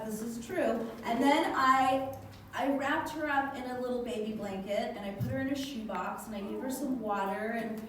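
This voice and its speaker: A middle-aged woman performing a stand-up comedy set, telling a story with animated energy and jumping into high voices to quote her kids. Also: slight background noise. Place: live comedy venue. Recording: echoey hall from far off with loud ambience.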